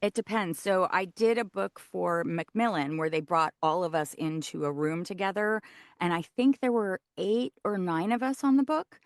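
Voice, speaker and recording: A woman audiobook narrator, a guest in a casual interview, explaining her work in an animated way. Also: on the low side, moderate pace, dry recording, studio quality. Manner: animated, shows voice placement while explaining.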